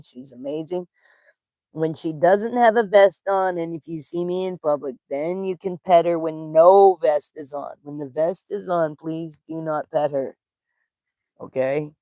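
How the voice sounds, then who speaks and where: A woman's voice: low-pitched, warm tone, no echo. A woman at home on the couch, chatting casually on camera and cooing affectionately at her dogs in baby talk. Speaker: spiritual teacher and vlogger.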